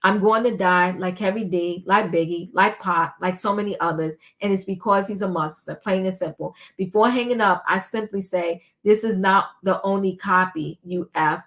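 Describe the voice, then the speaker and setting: An older woman giving casual commentary and reading a long text aloud, halting with frequent ums and restarts. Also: medium pitch, fairly bright tone. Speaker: commentary vlogger.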